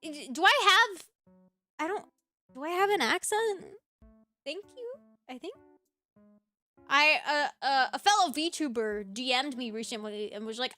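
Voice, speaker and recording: Giggly high-voiced American woman streamer. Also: lively intonation, measured pace, pauses often, pushed and bright, dry recording, soft background music. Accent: Californian Valley Girl. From United States. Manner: giggly, chatty, reads chat aloud. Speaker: VTuber streamer. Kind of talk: casual live-stream chat.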